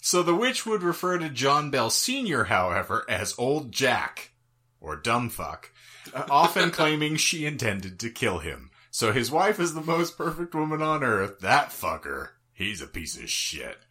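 A man's voice: mid-range voice, very animated, a little slow, sharp tone, husky. A man co-hosting a comedy podcast, reading a history story aloud with crude joking asides. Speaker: podcast co-host.

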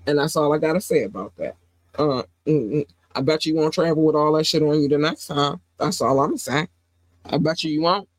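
A woman's voice: deep voice, a little fast, dry recording. A woman hosting a casual podcast while sick with a sore throat and runny nose, talking emphatically and repeating phrases for effect. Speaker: podcast host.

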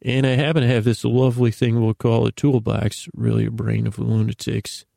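Creaky rambling man, flat and dry. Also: mid-range voice, moderate pace, dry recording. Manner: meandering, self-deprecating, stumbles and repeats words. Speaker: podcast host. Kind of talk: rambling bedtime monologue.

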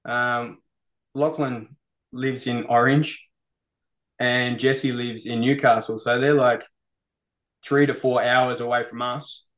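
He takes it slowly, pausing often, his mid-range voice level and a bit bright. An Australian metal musician, he's a laid-back, sweary guest in a casual interview who leans on "mate."

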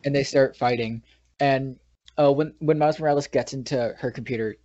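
A New York man co-hosting a podcast recaps a movie in casual chat, retelling scenes with lots of restarts and trailing sentences. His medium-pitched voice is brisk and steady, slightly mellow. The recording is dry, dull, and lo-fi.

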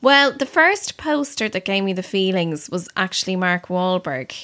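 A woman's voice: mid-range voice, lively intonation, normal speed, a bit bright. A woman in her thirties chatting casually as a podcast co-host, with frequent "you know"s and restarts. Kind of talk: casual chat.

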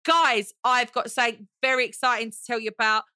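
Woman in her 40s doing her solo podcast, gushy and theatrical, bright punchy voice, dry close mic. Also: a little high, steady tone, fairly quick, no echo. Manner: gushing, theatrical, calls listeners honey. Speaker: podcast host. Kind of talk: chatty solo podcast monologue.

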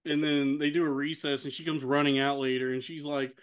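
A man in his thirties co-hosting a casual podcast, laughing often and acting out quotes in a higher voice. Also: flat delivery, fairly quick, smooth. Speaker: podcast co-host. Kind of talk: casual chat.

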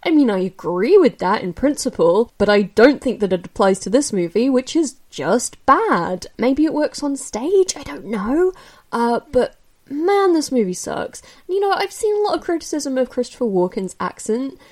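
A woman casually reviewing films she watched, candid and chatty, with many fillers and restarts, jumping up in pitch when she gets opinionated. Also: very animated, moderate pace, darkish tone. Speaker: film reviewer. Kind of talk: casual spoken film review.

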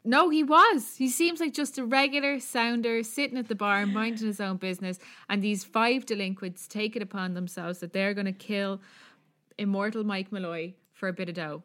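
An Irish woman co-hosts a podcast, telling a true story in casual, chatty talk full of fillers and the odd swear. Her voice is mid-range and a bit bright, with fairly even intonation and a moderate pace.

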